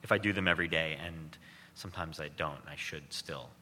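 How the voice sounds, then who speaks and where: A man's voice: rumbling low, brisk, bright, forceful tone, big-room sound. A man interviewed about his book, talking in a joking, self-deprecating way with many restarts. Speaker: author and guest. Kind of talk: interview conversation. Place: stage before an audience.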